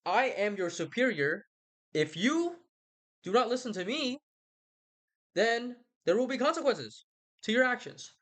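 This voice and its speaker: A man's voice: very high-pitched, very animated, a little slow, pauses often, a bit bright, voice pushed up, full character voice. A man voicing a stern male family elder in a comic retelling, with mock-grand, old-fashioned wording.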